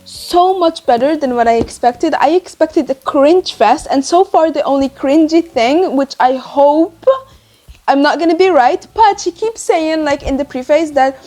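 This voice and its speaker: A woman's voice: high voice, animated, moderate pace, dark tone. A young woman with a slight non-native accent rambles casually about a book she is reading, full of fillers and asides. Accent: non-native English. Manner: chatty and rambling, lots of fillers. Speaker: book vlogger. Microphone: handheld mic, then set in lap.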